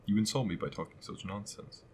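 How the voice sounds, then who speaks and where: A man reading aloud and voicing a touchy, proud male mouse from a storybook, sharp and offended. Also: lowish voice, brisk, slight background noise, lightly acted. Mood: indignant.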